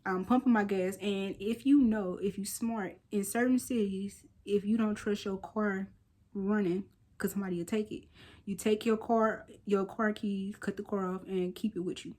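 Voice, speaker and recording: A woman's voice: mid-range voice, moderate pace. Chatty woman in her thirties vlogging. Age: 30s. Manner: chatty and animated, with slangy asides and playful soft whispered quips. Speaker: lifestyle vlogger. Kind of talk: casual storytelling vlog.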